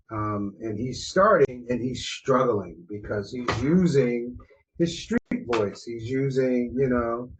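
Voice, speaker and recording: A man's voice: mid-range voice, a little hiss or hum. Laid-back storytelling man from New Jersey. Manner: loose, storytelling, slangy. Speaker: co-host. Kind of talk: casual podcast chat. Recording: muffled, lo-fi audio.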